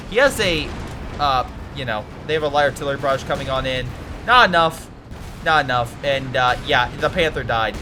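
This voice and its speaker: A man giving casual commentary on a strategy game replay, excitable and ranting, swearing and swinging from mutters to yells. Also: on the high side, a little hiss or hum.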